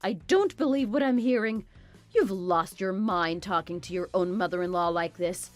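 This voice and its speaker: A woman's voice: fairly low pitch, normal speed, soft background music, close to an everyday voice. A woman voicing a domineering, spiteful older mother-in-law in a dramatized story, scolding and belittling. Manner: scolding, contemptuous, bossy.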